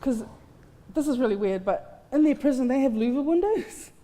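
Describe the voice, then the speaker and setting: A high-pitched, mellow voice with lively intonation comes at a moderate pace. The woman, a guest speaker on a festival stage in a large hall, delivers heartfelt testimony that is candid and touched with self-directed humor. The recording has long reverb.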